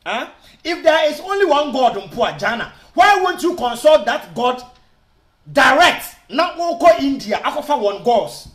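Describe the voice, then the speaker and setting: Ghanaian guy arguing on a vlog, high voice, mixes twi and english, echoey room. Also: big pitch swings, unhurried, fairly bright tone. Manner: argumentative, mixes Twi and English, rhetorical questions. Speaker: online commentator. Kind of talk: video commentary.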